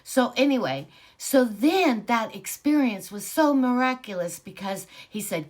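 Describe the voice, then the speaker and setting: A woman's voice: on the high side, unhurried, few pauses. Rambling older woman telling a spiritual story. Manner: rambling, filler-heavy, animated when excited. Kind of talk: casual personal storytelling.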